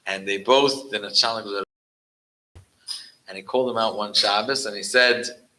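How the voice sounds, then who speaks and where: Guy telling a story at a gathering, lowish voice, really bright tone, drops yiddish in, faint noise behind. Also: moderate pace, long pauses, rough recording. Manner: mixes Yiddish into English, animated when quoting.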